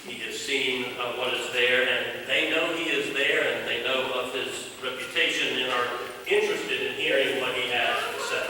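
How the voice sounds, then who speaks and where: A man preaching a sermon as pastor, speaking in measured phrases and slowing for emphasis. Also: mid-range voice, steady tone, bright, forceful tone, breathy edge, long reverb tail. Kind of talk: sermon with scripture reading.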